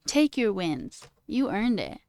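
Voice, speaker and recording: A woman's voice: medium pitch, sing-song, takes it slowly, a little mellow, smooth, no echo, clean studio sound. A woman streamer in casual, playful live chat, musing aloud and answering her viewers. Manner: playful and chatty, musing aloud over word sounds. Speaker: livestreamer.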